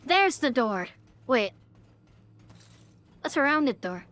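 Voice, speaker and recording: A woman's voice: sits high, big pitch swings, takes it slowly, a bit bright. A woman with a Northern Irish accent, chatting and swearing casually while streaming a game live. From Northern Ireland. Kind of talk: live gameplay commentary.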